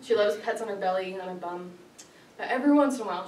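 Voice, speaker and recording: A woman's voice: mid-range voice, fast, a little mellow. Woman, lighthearted prepared speech, laughs a lot; distant mic in an echoey hall, audience audible. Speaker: club speaker.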